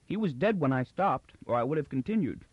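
A man's voice: on the high side, expressive, a little fast, breathy edge, no room sound, dull audio, pitched above the performer's own voice. A man voicing a timid male clown musician who speaks in quaint, formal phrasing. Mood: earnest.

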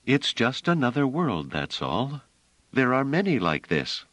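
A man reading an audiobook, voicing a calm, gentle woman in a raised pitch. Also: unhurried, dry recording, exaggerated voice. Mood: soothing. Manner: soothing, gentle. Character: calm gentle adult woman, soothing and firm.

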